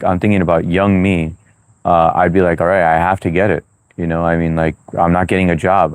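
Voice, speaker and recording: A man's voice: deep voice, darkish tone, smooth, no room sound. A man hosting a livestream in a loose, chatty way, reading viewer comments aloud with lots of "uh" and "you know". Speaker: livestream host.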